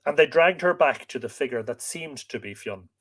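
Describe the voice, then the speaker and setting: A man's voice: mid-range voice, animated, moderate pace, fairly bright tone. A man voicing a frightened, humble male servant in a read-aloud myth, in a pleading delivery. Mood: fearful.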